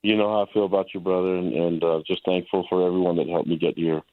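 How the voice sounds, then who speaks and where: A man, a head football coach, talking in a relaxed, humble and slightly halting way on a radio interview. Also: sits low, no room sound, phone-quality sound.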